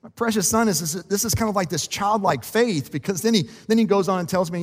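A man who is a pastor, preaching a sermon in a relaxed, conversational and self-deprecating way, laughing often. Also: high voice, fast talker, few pauses, big-room sound. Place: church sanctuary.

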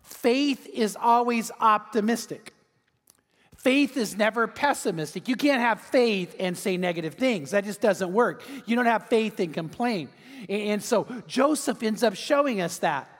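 High-voiced pastor preaching in a reverberant hall. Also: male voice, a little slow. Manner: animated storytelling, repeats words. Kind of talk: sermon.

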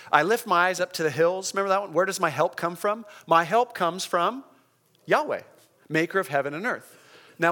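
A man preaching a sermon in a conversational, emphatic way, often slowing down to stress key words. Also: fairly high pitch, bright, forceful tone. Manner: conversational, emphatic, checks in with the congregation. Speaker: pastor.

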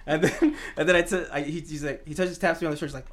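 A man's voice: a little high, fairly even intonation, fast. A man co-hosting a casual podcast, telling stories animatedly and laughing often. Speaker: podcast co-host. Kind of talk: casual chat.

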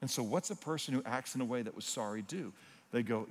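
A man's voice: medium pitch, brisk. Preaching man in a big echoing hall. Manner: earnest preaching, swings between loud emphatic points and hushed, intimate asides. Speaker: pastor. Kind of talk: sermon. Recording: long reverb of a large hall.

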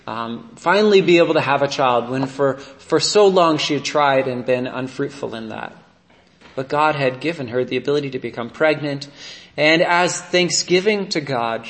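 A priest giving a relaxed, conversational sermon, telling stories and often checking in with his listeners by asking "right?". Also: medium pitch, roomy sound. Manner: storytelling, often asks "right?".

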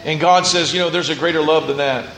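A man's voice: fairly high pitch, steady tone, fast talker, a bit bright. A man preaching a sermon as pastor, earnest, with rising and falling intensity. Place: church sanctuary. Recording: echoey church room.

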